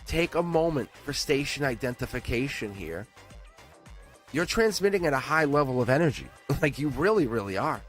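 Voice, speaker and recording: A man's voice: normal speed, faint music behind. Chatty man giving a live tarot reading. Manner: chatty, laughing, animated with sudden drops to a low murmur. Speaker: tarot reader.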